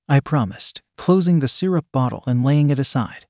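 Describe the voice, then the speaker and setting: Man narrating a story, measured and even, mid pitch, dry close recording. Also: no room sound. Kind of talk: first-person story reading.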